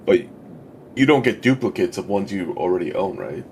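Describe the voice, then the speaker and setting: A man on voice chat with friends, relaxed and asking offhand questions about a game. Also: sits low, normal speed, a little hiss or hum. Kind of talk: casual gaming chat.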